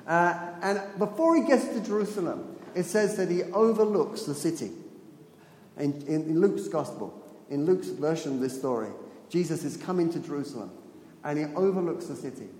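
A man's voice: a little high, animated, normal speed, a little mellow. A man preaching a sermon in a chatty, storytelling way, laughing often and repeating phrases for emphasis. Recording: echoey hall with faint room noise.

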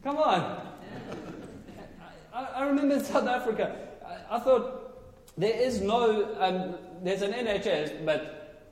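A man preaching a sermon with loud, passionate, exclaiming delivery. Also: high voice, lively intonation, a little slow. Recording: echoey hall, faint ambience.

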